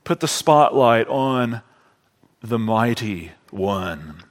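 A man preaching a sermon to his congregation, drawing out key phrases slowly and deliberately. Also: medium pitch, lively intonation, in a large hall.

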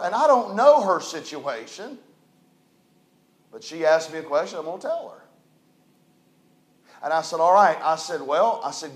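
A pastor with a notably high voice delivers a sermon, dropping to quiet storytelling and then swelling into loud, emphatic declarations. The sound carries the roomy echo of a church hall. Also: male voice. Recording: echoey church room.

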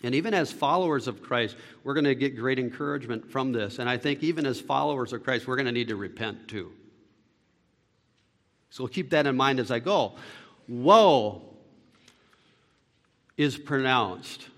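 A man preaching a sermon as pastor, swinging between loud, fervent lines and hushed ones, with deliberate phrasing. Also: medium pitch. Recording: long reverb of a hall.

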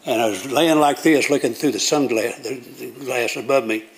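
Folksy older pastor preaching. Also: male voice, medium pitch, moderate pace. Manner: folksy storytelling with plain country grammar. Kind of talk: sermon.

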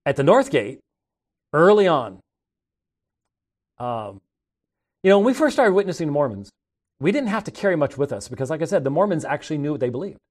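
A man's voice: a little high, big pitch swings, brisk, long pauses. A middle-aged man hosting a talk show, telling rambling, conversational stories and often restarting his sentences. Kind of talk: casual anecdotal storytelling.

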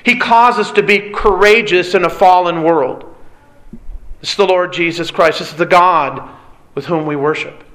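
A man delivering a sermon in a high, bright, forceful voice. He preaches earnestly, leaning on repetition and deliberate pauses to drive each point home. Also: poor audio.

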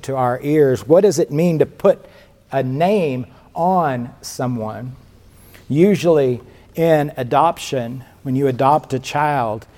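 A man preaching a sermon as a guest preacher, slow and emphatic, repeating key words for weight. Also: mid-range voice, mellow. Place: church sanctuary. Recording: long reverb of a church hall.

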